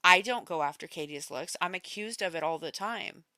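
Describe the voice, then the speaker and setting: Bright, crisp woman commenting. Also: fairly low pitch, normal speed, no room sound. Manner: exasperated, talks straight to viewers. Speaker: co-host of a commentary show. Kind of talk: casual drama commentary.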